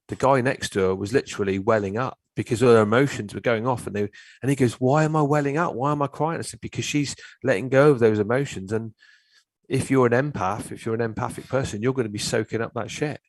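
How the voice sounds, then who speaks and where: Man, middle-aged, low-pitched, dry sound, animated storytelling, casual chat. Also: no room sound. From England. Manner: animated storytelling, swears freely. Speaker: guest, therapist.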